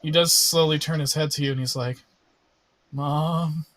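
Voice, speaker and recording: A man narrating as game master of a tabletop game, relaxed and halting, with fillers. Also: fairly high pitch, no echo.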